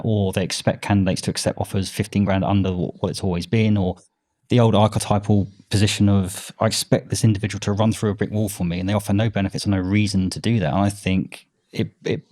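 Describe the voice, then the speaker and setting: Male podcast host, quick delivery, low voice, opinionated and eager. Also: darkish tone. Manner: enthusiastic, opinionated, quick restarts. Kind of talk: casual interview chat.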